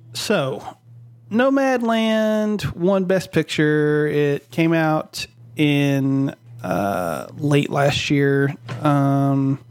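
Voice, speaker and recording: A man hosting a casual podcast, talking slowly and haltingly with many fillers, recorded on a home microphone over voice chat. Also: on the high side, smooth, no room sound. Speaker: podcast host.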